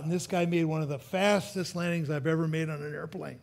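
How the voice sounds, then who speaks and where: A man's voice: high voice, moderate pace, vocal fry. A male pastor preaching a sermon and telling a personal story, chuckling at his own jokes and often restarting his sentences.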